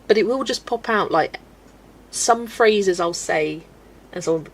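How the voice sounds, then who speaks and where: A woman from Southwest England with a Wiltshire accent speaks in a mid-range voice at a measured pace on a colouring live stream. Casual and self-deprecating, she laughs often while answering questions from chat.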